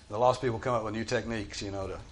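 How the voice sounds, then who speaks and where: A man's voice: lowish voice, steady tone, fast, a little hiss or hum. A man teaching a Bible study group in a conversational, emphatic way, often restarting his sentences.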